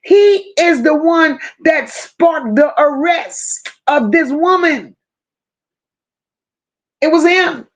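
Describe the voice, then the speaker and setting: Female live-stream host, unhurried, repeats her points, addresses chat by name. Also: sits high, animated. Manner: emphatic, repeats phrases, chats to viewers by name. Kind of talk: casual live-stream commentary.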